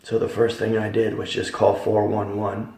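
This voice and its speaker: A man giving a dramatic Christian testimony, emphatic, swinging from hushed tones to loud ones. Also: fairly low pitch, monotone, normal speed, creaky. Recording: echoey hall, voice from far off.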